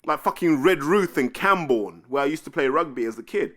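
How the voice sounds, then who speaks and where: A man hosting a casual podcast, his pitch swinging up and down as he tells his story. His tone is blunt and streetwise, and he swears freely. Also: expressive, brisk, a bit bright. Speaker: podcast host.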